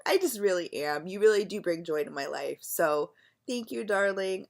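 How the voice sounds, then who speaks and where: A woman's voice: lowish voice, expressive, normal speed, vocal fry. A middle-aged woman vlogging in a chatty, rambling way, gushing about a friend with many fillers. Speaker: beauty vlogger. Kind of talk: casual rambling vlog.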